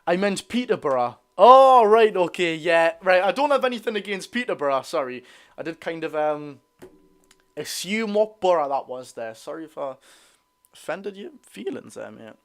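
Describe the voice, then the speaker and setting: A man's voice: sits high, sing-song, moderate pace. Chatty Geordie man hosting a livestream. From North East England. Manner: chatty, reads viewer comments aloud, calls chat lads and lasses. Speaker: football fan livestream host. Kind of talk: casual live watch-along chat.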